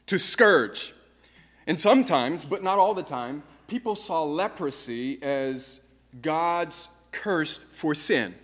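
A man's voice: fairly high pitch, a bit bright, big-room sound. A man preaching a sermon, earnestly posing rhetorical questions to the congregation. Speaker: pastor.

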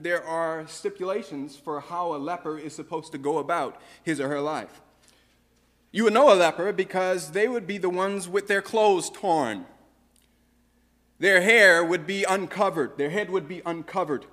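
A man preaching with a slightly higher-pitched voice, posing earnest rhetorical questions to his listeners. His words ring out with a long reverb, as if he is in a large church sanctuary. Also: fairly bright tone. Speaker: pastor. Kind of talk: sermon.

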